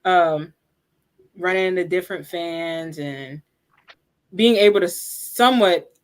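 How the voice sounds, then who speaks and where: A woman's voice: on the low side, slow, clear, resonant tone. A woman guest on a video call, chatting casually with many fillers. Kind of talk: casual chat.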